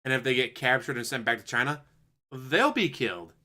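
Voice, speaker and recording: A man's voice: mid-range voice, very animated, a little fast, bright, forceful tone. A man streaming commentary, answering a clip with sarcastic, mocking rebuttals. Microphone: desk USB microphone.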